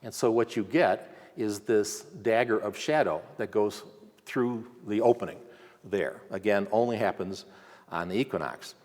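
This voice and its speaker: A man's voice: lowish voice, a little slow, darkish tone. A man giving a conversational slide lecture at a symposium, pointing things out on screen with frequent fillers. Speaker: archaeology lecturer. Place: lecture hall. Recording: long hall reverb.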